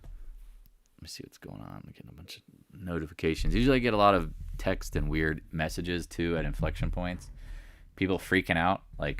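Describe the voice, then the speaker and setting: A man's voice: a bass voice, expressive, a little fast, vocal fry, a bit bright, no room sound, studio quality. A man hosting a live market chat, talking casually and emphatically, repeating his points and rambling between thoughts. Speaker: stock market livestream host.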